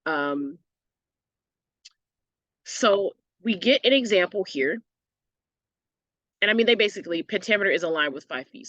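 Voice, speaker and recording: A woman teacher explaining a lesson patiently, often checking in with a quick "right?". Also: on the low side, fairly bright tone, no room sound. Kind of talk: recorded online lesson.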